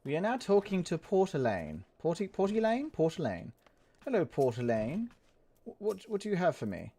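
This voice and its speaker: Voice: medium pitch, huge pitch swings, normal speed, warm tone. A gamer giving playful, rambling commentary on an online role-playing game, joking and laughing along. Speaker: game streamer. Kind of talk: let's play commentary.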